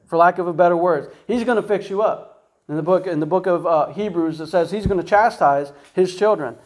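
A man preaching in a fairly high voice. He talks casually and keeps asking rhetorical questions as he teaches from the Bible. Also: brisk, poor audio. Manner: conversational, asks rhetorical questions, says "right?" and "guess what?" often.

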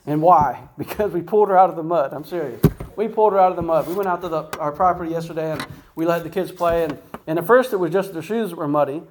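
A man's voice: fairly high pitch, fast talker, slight background noise, poor audio. Chatty man preaching with rhetorical questions. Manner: conversational, asks rhetorical questions, says "right?" and "guess what?" often. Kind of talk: informal Bible teaching.

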